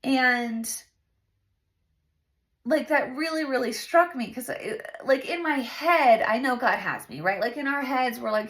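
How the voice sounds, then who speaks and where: A woman's voice: sits high, animated, moderate pace, gravelly, fairly bright tone. A woman in her thirties hosting a casual faith talk, chatty and earnest, with lots of fillers. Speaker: host.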